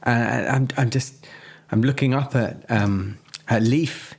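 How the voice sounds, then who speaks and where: A man's voice: mid-range voice, slow, creaky, breathy edge. A man playing a horror tabletop game, talking through his actions with frequent stammers and repeated words. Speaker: player. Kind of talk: in-character tabletop role-play.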